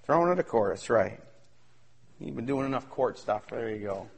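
A male pastor preaching a sermon, swinging between shouted excitement and hushed asides. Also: mid-range voice, normal speed, gravelly, husky.

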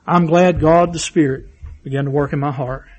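A man's voice: fairly high pitch, steady tone, normal speed, slightly rough. A man preaching a sermon, fervent and repetitive, telling personal stories.

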